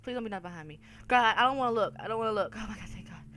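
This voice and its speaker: This gaming video host talks rapid-fire in a medium-pitched voice while playing a horror game. Easily spooked, she swears, shrieks in fear, and talks to her viewers as "y'all."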